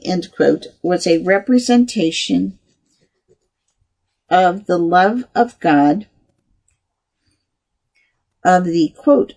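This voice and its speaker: Article reader, gravelly and husky voice, reads punctuation aloud. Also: mid-range voice, a little mellow. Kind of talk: reading a scholarly article aloud.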